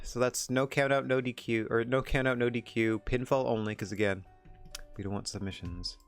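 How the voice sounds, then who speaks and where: A man's voice: mid-range voice, fairly even intonation, moderate pace, soft background music. A man streaming a wrestling management game, chatting casually in a rambling, self-deprecating way. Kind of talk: casual gameplay commentary.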